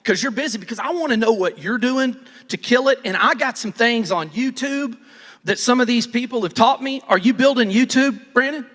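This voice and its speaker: A man's voice: very high voice, normal speed, fairly bright tone. A man, giving a folksy, rambling motivational talk on stage and often restarting his sentences. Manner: folksy, rambling, self-interrupting. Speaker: real estate team leader speaking on stage. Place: large conference hall. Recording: long reverb of a large hall.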